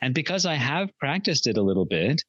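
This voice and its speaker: A man's voice: medium pitch, sing-song, a little fast, no echo, muffled recording. A middle-aged man talking as a podcast guest in a reflective, earnest way, often restarting his sentences and laughing at himself. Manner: earnest, warm self-talk with frequent restarts and laughs. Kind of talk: reflective conversational chat.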